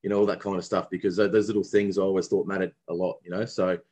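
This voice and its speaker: Rambling Australian man, slightly low voice. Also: flat delivery, quick pace, a little mellow. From Brisbane, Australia. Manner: reminiscing, rambling with many restarts. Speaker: guest, former cricketer. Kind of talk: casual interview chat.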